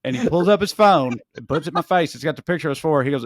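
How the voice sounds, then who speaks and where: Man, podcast co-host, fairly high voice, animated profane storyteller, dry close mic. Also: very fast, no echo. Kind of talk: casual storytelling chat.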